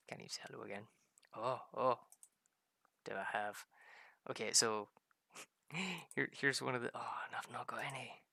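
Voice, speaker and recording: Scottish man, gaming host, loose and rambling, bright crackly voice. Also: medium pitch, unhurried, gravelly, pauses often, no echo. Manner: rambling, laughs often, mimics voices in quoted lines. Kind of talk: casual commentary while playing a farming game.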